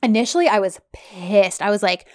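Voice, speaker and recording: A woman talks through a TV episode in a loose, conversational way, jumping in to quote the characters with feeling. Her voice sits at an ordinary middle pitch. The sound is dry and close, with no room around it. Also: normal speed, no echo. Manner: animated, retells scenes quoting the characters. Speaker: podcast co-host. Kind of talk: casual recap chat about a TV series.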